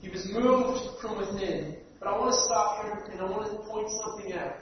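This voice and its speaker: A male preacher giving an earnest sermon, stumbling over repeated words and swinging between loud stress and near-quiet. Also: sits high, moderate pace. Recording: dull, echoey hall from far off, faint hiss.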